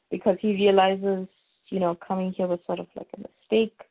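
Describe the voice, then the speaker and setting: A podcast host with a medium-pitched voice and normal pace casually goes over a TV episode, rambling and leaning heavily on fillers and restarts. Her voice arrives over a tinny, phone-like line.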